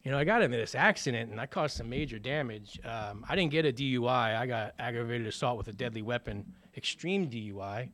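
A man's voice: medium pitch, animated, a little fast, few pauses, fairly bright tone. A man telling his personal recovery story in a conversational way, with many fillers and acted-out bits of dialogue. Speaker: speaker sharing a recovery story.

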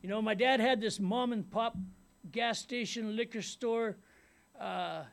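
A middle-aged man with a high, gravelly voice tells his life story in a loose, rambling way. He repeats his words as he goes and keeps asking if you know what he means. He grew up in Ventura County, California. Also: unhurried. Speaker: speaker sharing his recovery story. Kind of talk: personal testimony.

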